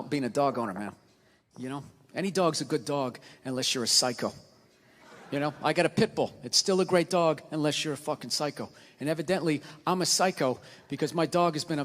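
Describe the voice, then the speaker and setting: High, bright-voiced ranting comedian man. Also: slight background noise. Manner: ranting, profane, loud outbursts. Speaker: stand-up comedian. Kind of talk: stand-up routine. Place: stage in a large hall before a live audience. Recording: live hall with long reverb.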